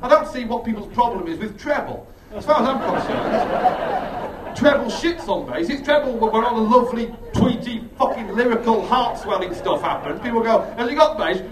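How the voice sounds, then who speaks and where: A man doing stand-up, telling a sweary, animated story and laughing often as he goes. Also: very high voice, normal speed. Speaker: stand-up comedian. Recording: roomy, distant mic, crowd and noise. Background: audience laughter.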